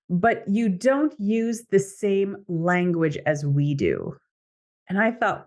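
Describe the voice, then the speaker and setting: A middle-aged Canadian woman hosting a podcast, telling a personal story in a conversational way and quoting other people. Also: lowish voice. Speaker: podcast host, coach. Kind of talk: podcast monologue.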